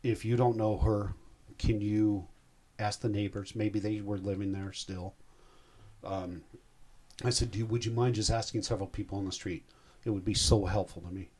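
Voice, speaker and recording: Older male guest in his sixties, low voice, rambling and heartfelt personal storyteller. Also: steady tone, normal speed, darkish tone. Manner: rambling, heartfelt, self-interrupting.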